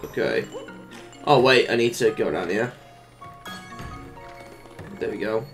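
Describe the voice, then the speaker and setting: A let's play commentator giving casual gameplay commentary, humming little made-up tunes, cooing at the game characters like pets and letting out sudden excited yelps and laughs. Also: medium pitch, slow pace, soft background music. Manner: hums little made-up tunes while playing.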